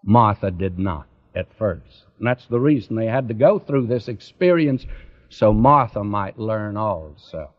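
A man's voice: on the low side, animated, measured pace. Male preacher, earnest, direct address, dull lo-fi recording. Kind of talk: radio Bible sermon.

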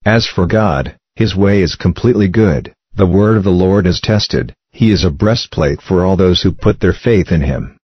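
Deep-voiced man reading psalms. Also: normal speed, few pauses, breathy edge, no echo. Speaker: scripture reader. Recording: dull lo-fi recording.

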